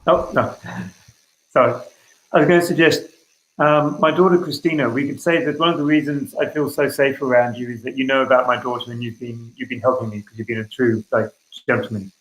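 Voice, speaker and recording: Halting man in an echoey room. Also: mid-range voice, fairly even intonation. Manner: halting, many fillers. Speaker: player. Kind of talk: tabletop game chat.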